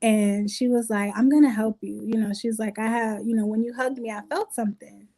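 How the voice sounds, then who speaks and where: Animated woman telling her story. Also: on the high side, fairly quick. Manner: animated, acts out quotes with laughs. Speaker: guest. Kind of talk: conversational storytelling.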